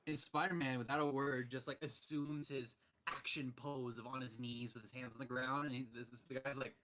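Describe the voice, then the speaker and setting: A young man in casual chat over a voice call, telling stories with animated energy and acting out the lines he quotes. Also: medium pitch, a little fast. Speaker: podcast host.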